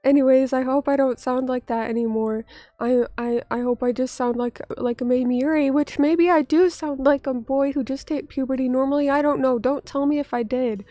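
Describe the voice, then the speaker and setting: A woman's voice: high-pitched, fairly even intonation, normal speed, mellow, no room sound. A woman streamer who is still getting over an illness, chatting casually with viewers, reading their comments aloud, joking at her own expense and swearing now and then. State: still sick, recovering from illness. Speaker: vtuber streamer.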